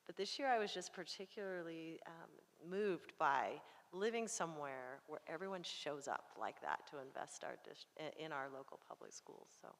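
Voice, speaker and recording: Earnest woman speaking at a public meeting; lowish voice, hall reverb. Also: animated, moderate pace, hardly any pauses. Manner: earnest, heartfelt. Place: school board meeting room.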